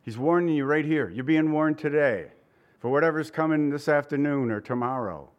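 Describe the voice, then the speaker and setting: A pastor delivers a sermon to his congregation in a fairly high voice, earnest and conversational at a moderate pace. Tired and close to tears, he laughs between points while pressing his listeners. The recording is muffled.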